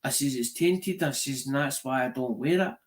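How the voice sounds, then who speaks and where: A man's voice: medium pitch, moderate pace. A middle-aged Scottish man hosting a live-stream show, chatting casually and telling a rambling story peppered with "right?" and swearing. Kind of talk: casual chat.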